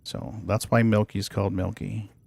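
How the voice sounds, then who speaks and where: A man's voice: on the low side, level tone, normal speed, gravelly, darkish tone, a little hiss or hum. A man streaming a space game, chatting casually as he plays and talks to his cats. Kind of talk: casual gameplay commentary.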